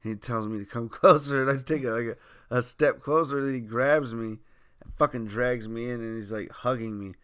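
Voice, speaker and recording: A man's voice: mid-range voice, brisk, fairly bright tone, clean tone. A young man co-hosting a podcast, casually telling profane stories, acting out quotes and laughing often. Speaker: podcast co-host. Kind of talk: casual chat.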